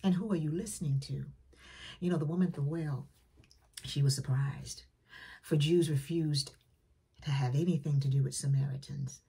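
A woman preacher delivers a sermon in a husky, very breathy voice that sits a little low. She talks in plain, everyday words and moves between emphatic calls and hushed, whispered lines. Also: fairly even intonation, moderate pace, pauses often. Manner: plain colloquial phrasing.

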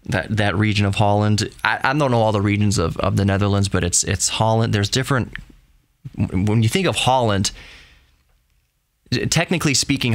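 A man with a mid-range, fairly bright voice hosts a solo podcast. He talks casually and chattily, rambling and often restarting or correcting himself.

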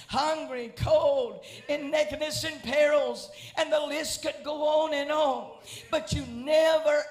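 High-pitched shouting preacher man. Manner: rhythmic, repetitive, chanting cadence. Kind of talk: shouted revival sermon. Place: church sanctuary. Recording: echoey church with faint music.

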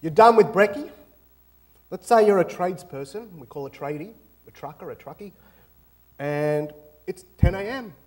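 A man's voice: high-pitched, animated, moderate pace, darkish tone. A young adult man with an Australian accent, giving a joking, audience-engaging talk as guest speaker in a university auditorium. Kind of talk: lively lecture to students.

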